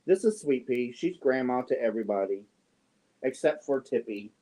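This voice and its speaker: A man's voice: mid-range voice, lively intonation, normal speed, mellow. A man hosting a crochet livestream, chatting casually, reading viewer comments and cooing to his cats. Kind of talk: casual chat while crocheting.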